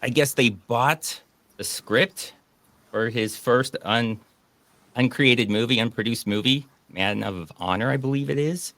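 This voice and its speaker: A man's voice: medium pitch, a little slow, fairly bright tone, no echo. A man hosting a casual online chat, joking and sarcastic. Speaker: podcast host.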